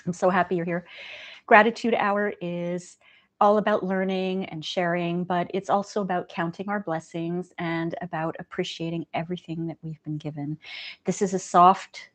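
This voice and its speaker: A woman hosting a casual livestream, talking in a gentle, chatty way and laughing often. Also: fairly low pitch, flat delivery, moderate pace. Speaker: livestream host.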